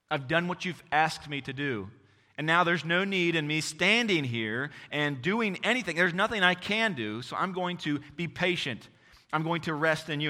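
A man's voice: medium pitch, pushed and bright. Earnest preacher man in a reverberant hall. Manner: earnest, repetitive exhortation with frequent restarts. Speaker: pastor. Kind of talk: sermon.

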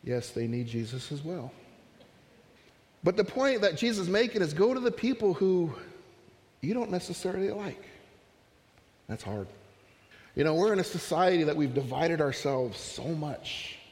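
Man, pastor, relaxed storytelling sermon, slightly higher voice, reverberant church sound. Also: moderate pace, pauses often. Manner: conversational, storytelling with asides and humor.

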